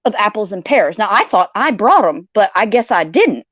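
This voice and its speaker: A woman's voice: mid-range voice, big pitch swings, normal speed, a bit bright, no echo, lo-fi sound. A woman hosting a casual chat, telling a long dream story in a rambling, profane way, acting out what others said. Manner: rambling, profane, restarts often, acts out quotes. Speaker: host.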